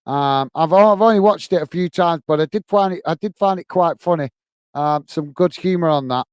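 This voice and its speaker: A friendly man hosts a live football stream, calling the play and chatting with viewers between moves. His voice sits a touch high and sounds clean and smooth, recorded close on a dry mic with no room sound. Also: moderate pace, a little mellow, dry recording. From United Kingdom. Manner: chatty, reads out viewer comments and thanks them by name; many fillers and restarts, friendly banter. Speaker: host of a football watch-along stream. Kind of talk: live match commentary and chat with viewers.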